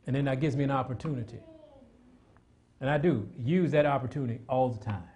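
A middle-aged man preaching a sermon, animated and repetitive, with asides to the congregation. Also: medium pitch, fairly quick.

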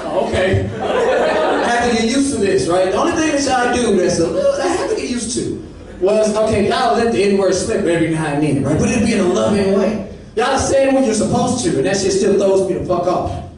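A man from Saint Louis doing a stand-up set, telling a story with animated delivery and acting out the people in it. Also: high-pitched, fairly quick, very echoey, far from the mic, crowd noise, rough recording. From Saint Louis, Missouri. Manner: animated storytelling, acts out the people in his stories. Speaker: stand-up comedian.

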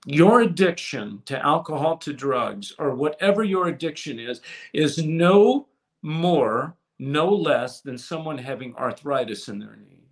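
A man preaching a sermon with passion, swinging from loud to hushed and repeating words as he restarts phrases. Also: a little high, animated, a little slow. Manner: impassioned preaching with sudden swings from loud to soft. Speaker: pastor.

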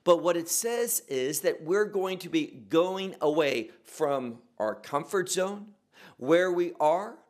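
A man's voice: fairly high pitch, animated, takes it slowly. A man preaching a sermon as pastor, explaining scripture with rhetorical questions.

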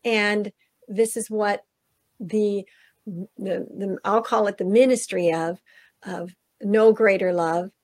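A woman's voice: medium pitch, fairly even intonation, takes it slowly, a little mellow, no echo. Woman host with a lilt, eager, chatty, close and dry. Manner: enthusiastic, addresses listeners as y'all. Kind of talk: casual interview.

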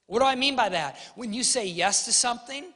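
A bright, high-voiced man in his forties preaches a sermon, telling stories and acting out each person's voice. His voice carries with a long reverb, as in a church auditorium. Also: fairly quick. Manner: animated storyteller acting out voices. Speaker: pastor.

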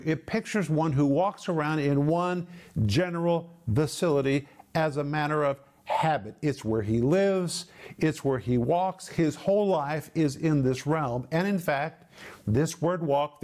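A man's voice: fairly high pitch, a little mellow. Emphatic man teaching the Bible. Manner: emphatic, stretching key words slowly.

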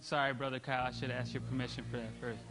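A man's voice: mid-range voice, fast, long reverb tail, over music. A man pastor preaching in a church sanctuary, talking casually to the congregation and acting out examples. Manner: animated, demonstrative preaching with acted-out examples; conversational, checks in with audience. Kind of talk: sermon.

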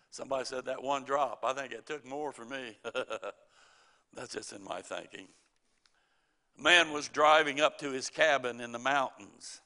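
A man's voice: mid-range voice, bright, forceful tone. A man preaching a sermon, quoting scripture and telling folksy stories, chuckling at his own jokes.

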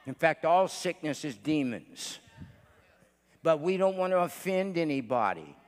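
A male pastor preaching a sermon, swinging between shouted declarations and hushed storytelling, with many "uh" fillers between phrases. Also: a little high, sing-song, a little slow. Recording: long church hall reverb.

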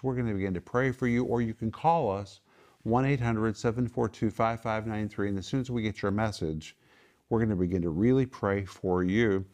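A Bible teacher who also hosts a TV ministry leads a small home group, speaking emphatically, repeating key phrases and quizzing those present. His voice is lowish with a darkish tone.

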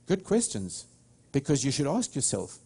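This sermon comes from a middle-aged South African pastor whose warm, husky medium-pitched voice has huge pitch swings and vocal fry. He speaks at normal speed, rambling through stories and restarting often.

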